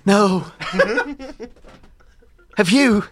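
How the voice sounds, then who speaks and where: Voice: mid-range voice, very slow, slight background noise. A performer playing a shy, stammering male train on a date in an improvised comedy sketch.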